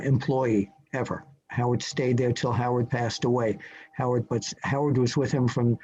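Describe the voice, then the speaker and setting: An older man, a journalist appearing as a podcast guest, telling a story from memory in a halting way, full of fillers and restarts. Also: medium pitch, darkish tone. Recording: slightly dull lo-fi audio with faint hiss.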